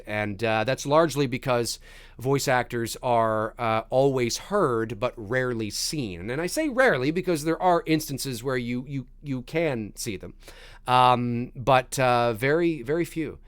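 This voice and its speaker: A man's voice: mid-range voice, clean tone, no room sound. A man hosting a casual live stream, rambling through viewer questions with many restarts and reading chat messages aloud. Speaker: voice actor. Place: home recording studio.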